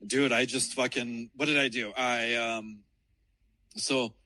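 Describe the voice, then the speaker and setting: Male caller, bright dry voice, swearing and laughing through a messy story. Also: medium pitch, fairly even intonation, takes it slowly, dry recording, poor audio. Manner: profane, rambling, laughing. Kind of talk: casual storytelling. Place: outdoors in a city downtown.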